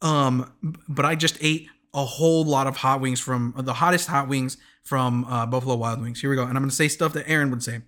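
A man's voice: medium pitch, fairly even intonation, fairly quick, fairly bright tone. A young man hosting a casual recap of a dating show, rambling with many "like"s and stammered restarts.

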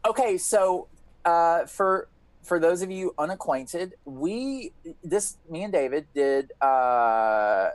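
A man's voice: fairly high pitch, takes it slowly, no room sound, rough recording. A man telling a wild story on a casual podcast, swearing freely and acting out everyone's lines. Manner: animated, profane, acts out quotes. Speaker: podcast co-host.

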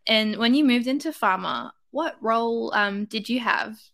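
A woman's voice: on the high side, moderate pace, gravelly, fairly bright tone. A woman hosting a podcast, answering her guest with empathy and asking follow-up questions. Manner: affirming, empathetic. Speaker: podcast host. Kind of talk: interview questions.

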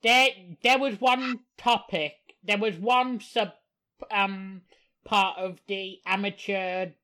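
A woman's voice: medium pitch, fairly even intonation, takes it slowly, pushed and bright. A woman from the UK co-hosting a casual podcast chat, who swears often and talks in emphatic bursts. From United Kingdom. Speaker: podcast co-host.

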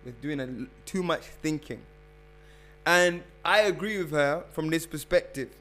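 This time the spiritual health coach's voice is fairly high, a little slow and fairly bright. Casual and preachy on his livestream, he calls his followers "family" and leans on repeated phrases to emphasize his points.

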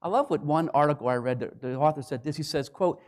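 A man preaching a sermon, swinging between loud declarations and hushed, quiet lines. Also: on the high side, quick pace. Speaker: pastor.

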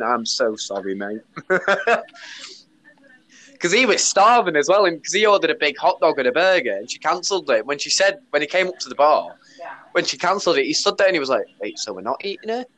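A man's voice: a little high, lively intonation, a little fast, fairly bright tone. A man tells a story on his podcast, blunt and casual. He swears freely and retells what people said. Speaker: podcast host; bar worker.

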